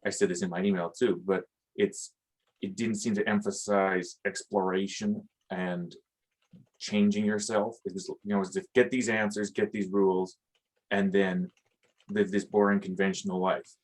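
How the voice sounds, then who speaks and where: Hesitant low-voiced man thinking aloud. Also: little pitch movement, moderate pace, poor audio. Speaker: podcast host. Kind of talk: reflective conversation.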